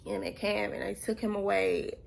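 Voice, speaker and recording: Young woman vlogger, earnest storytime delivery, heavy vocal fry, faint hiss under the voice. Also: mid-range voice, flat delivery. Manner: earnest, halting, repeats herself. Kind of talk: personal storytime.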